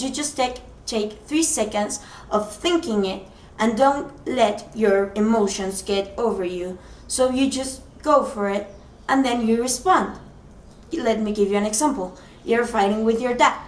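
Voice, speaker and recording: Earnest woman in a roomy space. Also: on the high side. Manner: earnest, explains with simple examples and gestures to size. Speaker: speaker giving motivational advice. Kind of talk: motivational talk. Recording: roomy sound from a distant mic.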